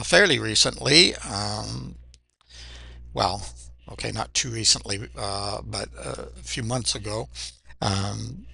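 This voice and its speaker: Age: adult. Sex: man. Origin: from Canada. Role: reaction video host. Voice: gravelly and bright. Style: casual commentary. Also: fairly low pitch, dry recording. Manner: chatty and reflective, with frequent "uh" fillers.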